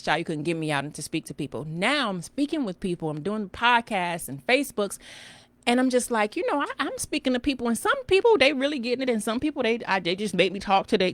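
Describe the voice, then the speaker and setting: A woman's voice: medium pitch, dry recording. Middle-aged woman, financial coach, chatty and folksy; close, dry sound. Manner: animated, folksy, calls listeners "girl" and "child". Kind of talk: casual live-stream talk.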